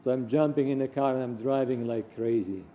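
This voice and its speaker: A man recounting personal anecdotes in an animated way, acting out the voices of the people he quotes. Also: medium pitch, brisk, a little hiss or hum.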